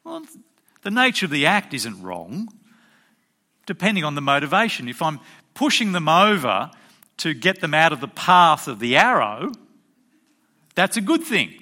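A man delivers a sermon from the pulpit, his voice bright and forceful. His pitch sits a little high and swings widely as he presses his congregation with rhetorical questions. He is emphatic and teacherly throughout. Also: very animated, normal speed, pauses often. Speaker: pastor.

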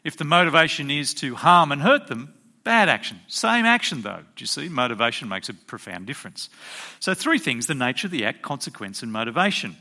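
Animated, bright-voiced preacher man. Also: medium pitch, brisk. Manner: rhetorical questions to the congregation, emphatic. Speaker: pastor. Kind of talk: sermon.

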